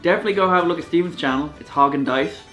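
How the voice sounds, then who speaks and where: A man with an Irish accent, hosting a casual chat and reacting with quick jokes. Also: on the high side. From Ireland. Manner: lively, jokey, quick reactions. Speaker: channel host. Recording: echoey room with faint music.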